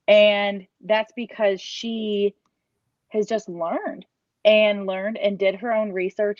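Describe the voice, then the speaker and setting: A woman's voice: medium pitch, a little mellow, no room sound. Earnest woman in her thirties sharing a personal story over a video call; dry, dull lo-fi audio. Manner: earnest, rambling with restarts and quoted inner thoughts. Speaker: parent giving a testimonial. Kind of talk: emotional personal story, casual.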